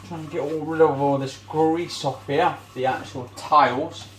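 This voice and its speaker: A man's voice: on the high side, steady tone, moderate pace, a bit bright, reverberant, slight background noise. A man vlogging in a casual, rambling way while he cleans his home kitchen, often searching for words.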